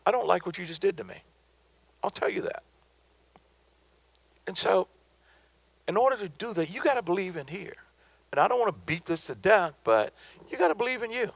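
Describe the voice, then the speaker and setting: A man's voice: sits high, vocal fry, fairly bright tone, no room sound. A middle-aged man from the American South giving a motivational business talk, emphatic and preacherly, repeating his points for effect. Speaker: business speaker.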